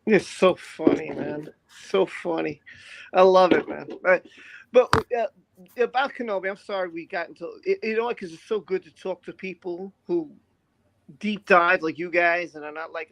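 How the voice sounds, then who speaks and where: Male podcast guest, excitable chatter with frequent laughs, dry close mic. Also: high voice, normal speed, gravelly, no echo, poor audio. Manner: animated, laughing, acts out quotes. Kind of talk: casual chat.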